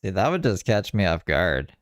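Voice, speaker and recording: A man's voice: low voice, big pitch swings, normal speed, a little hiss or hum. A man hosting a reaction video, scolding with sarcastic, profane remarks. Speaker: host reacting to a clip. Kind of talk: reaction commentary.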